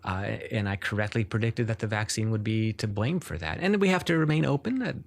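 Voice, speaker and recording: A man with a very low voice, speaking as a neurologist in an interview. He talks earnestly and at length, often stopping to restart a sentence before he carries the explanation on. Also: lively intonation, brisk, vocal fry. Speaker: neurologist guest.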